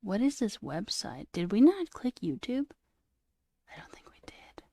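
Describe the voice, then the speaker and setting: A woman's voice: medium pitch, very animated, unhurried, warm tone, dry recording, clean studio sound. A woman streamer chatting casually with her viewers, trailing off and answering chat as she goes. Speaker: coding livestreamer.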